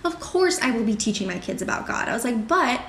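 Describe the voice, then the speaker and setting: A woman's voice: fairly high pitch, quick pace, creaky, roomy sound, a little hiss or hum. A woman guest in a casual podcast chat, telling a story with energy and acting out what she said at the time. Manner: animated storyteller who acts out her own past remarks.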